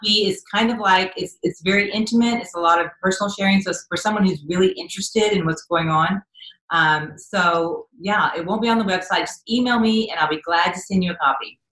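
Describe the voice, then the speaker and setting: Woman, guest coach, gentle, encouraging, roomy echo. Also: mid-range voice, a little fast. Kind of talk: casual interview chat.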